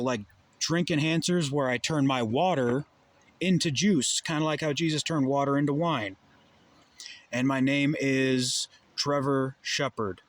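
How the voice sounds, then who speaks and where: A young adult man delivering a heated, profane monologue full of rhetorical questions. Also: mid-range voice. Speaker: vlogger. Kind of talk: ranting monologue.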